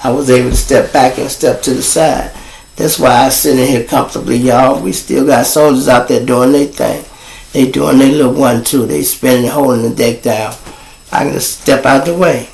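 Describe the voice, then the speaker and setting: A gravelly-voiced man, talking casually as host of his own show. He tells his stories in a lively way and gets louder when they get exciting, and the room he records in sounds echoey. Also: medium pitch, normal speed. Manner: animated, rising to excited shouts when telling a chase story. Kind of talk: casual street storytelling.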